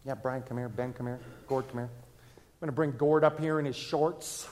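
A man, preaching a sermon to a congregation in a relaxed, conversational way, often asking them questions. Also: mid-range voice, moderate pace, a little hiss or hum. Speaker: pastor. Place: church, in front of a congregation.

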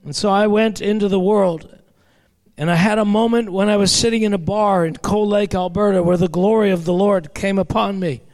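A man preaching a sermon to a congregation, impassioned and building to shouted peaks. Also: high voice, fairly even intonation, moderate pace.

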